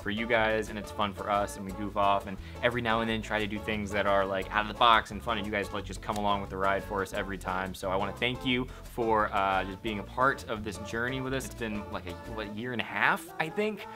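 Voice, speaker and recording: A man's voice: fairly low pitch, steady tone, fast talker, hardly any pauses. A man earnestly thanking viewers, talking in a loose, rambling way. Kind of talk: sincere thank-you to viewers. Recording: music behind.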